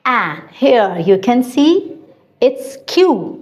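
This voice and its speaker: Woman, high-pitched, slow, sing-song phonics teacher for kids. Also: big pitch swings. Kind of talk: children's phonics lesson.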